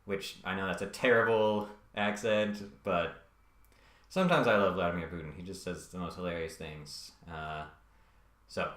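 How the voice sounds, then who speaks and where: Male commentator, deep voice, halting and wry, roomy sound. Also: fairly bright tone. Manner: hesitant, many ums and uhs, wry asides. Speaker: video essayist. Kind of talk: casual scripted commentary.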